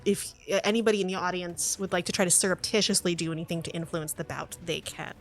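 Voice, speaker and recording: A woman's voice: lowish voice, fairly even intonation, quick pace, faint music behind. A woman narrating as game master, chatty and laughing, with frequent "uh" restarts.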